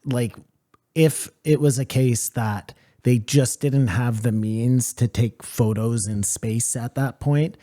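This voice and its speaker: A man's voice: mid-range voice, slow pace, mellow. A man on a podcast in casual chat, laying out his reasoning step by step and pushing back. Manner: argumentative, lays out reasoning step by step.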